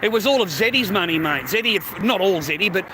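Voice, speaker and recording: A man's voice: high-pitched, lively intonation, fast talker. Profane, rambling man streaming outdoors. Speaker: live streamer. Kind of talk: casual street live stream. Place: outdoors on a city street. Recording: faint street noise.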